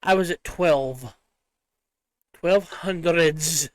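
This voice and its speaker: A man's voice: fairly high pitch, drawn-out words, crowd noise. A man joking crudely while telling a hospital story in casual podcast chat. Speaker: podcast co-host.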